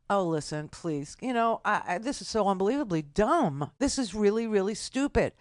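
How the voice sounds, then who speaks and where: A woman's voice: medium pitch, lively intonation, dry recording, studio quality. Indignant older woman radio host. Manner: indignant, sarcastic, rapid asides. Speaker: radio talk show host. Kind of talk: political talk radio monologue.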